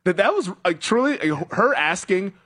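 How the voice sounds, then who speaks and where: A man's voice: sits high, big pitch swings, moderate pace, a bit bright, slightly rough. A man hosting a sports talk show, chatting casually, laughing often and acting out quotes. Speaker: sports radio host.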